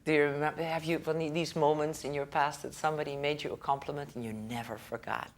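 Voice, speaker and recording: Lower-voiced woman lecturing conversationally. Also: fairly even intonation, fast. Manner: conversational, checks in with the audience and laughs often; acts out the people in her stories. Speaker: school director. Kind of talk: lecture to parents.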